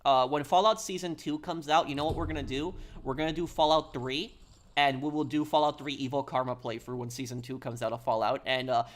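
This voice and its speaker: A man's voice: medium pitch, fairly even intonation. Rambling man chatting on a game stream. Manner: rambling, halting, answers chat aloud. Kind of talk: casual live-stream chat.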